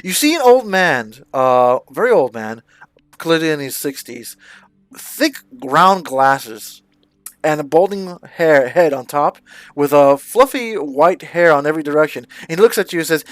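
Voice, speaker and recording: A man's voice: on the high side, lively intonation, a little slow, dry recording. A man narrating a live tabletop game as game master, rambling and correcting himself as he goes. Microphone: streaming microphone.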